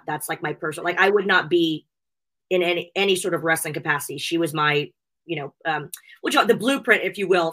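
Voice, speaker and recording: A woman's voice: on the low side, bright, forceful tone, low-quality recording. A woman chatting as an interview guest, telling emotional stories in an effusive way with lots of fillers. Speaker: guest, wrestling personality and convention host. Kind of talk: casual interview chat.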